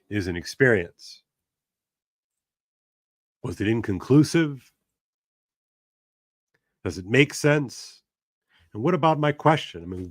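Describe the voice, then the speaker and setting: A man's voice: on the low side, fairly bright tone, no echo, clean studio sound. A man teaching a literature class over a video call, reading aloud expressively and posing questions to his students. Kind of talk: dramatic reading and class lecture.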